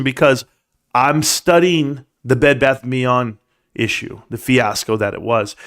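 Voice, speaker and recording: A man hosting a livestream, ranting casually with rambling stories and emphatic rhetorical questions. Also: mid-range voice. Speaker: livestream host. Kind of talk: casual stock-market rant.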